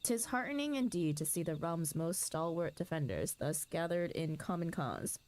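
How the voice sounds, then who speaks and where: A woman's voice: low voice, lively intonation, moderate pace, a little mellow. A woman voicing a courtly male knight commander who greets allies in formal, old-fashioned speech. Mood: gracious. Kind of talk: reading game dialogue aloud.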